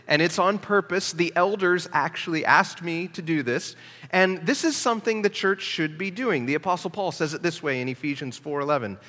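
Male pastor preaching earnestly, voice sits a bit high, ringing reverb from the sanctuary. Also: a little fast, sharp tone. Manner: earnest teaching delivery with frequent "uh" fillers. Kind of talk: sermon. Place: church sanctuary.

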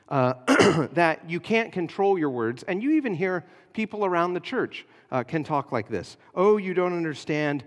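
A pastor preaching a sermon, explaining a passage in an earnest teaching manner with frequent hesitations. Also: male voice, on the high side, long reverb tail.

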